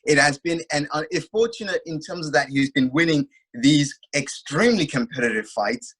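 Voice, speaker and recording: Husky man recapping a fight animatedly. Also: fairly high pitch, moderate pace, poor audio. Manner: animated storytelling, many filler phrases. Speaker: co-host. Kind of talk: casual fight recap chat.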